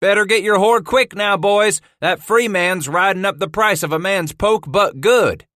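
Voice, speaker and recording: A shrill frontier trapper shrieks in disgust and throws loud complaints at the men around him, as a male narrator puts him on. His voice jumps far above a normal speaking range and stays sharp and loud. It is recorded in a dry, close booth. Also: measured pace, no room sound. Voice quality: high and shrieking.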